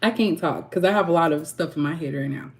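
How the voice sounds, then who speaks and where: Woman, tarot-reading vlog host, lowish voice, frank heated rant, frequent throat-clearing. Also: quick pace. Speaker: tarot reader and channel host. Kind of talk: candid ranting vlog.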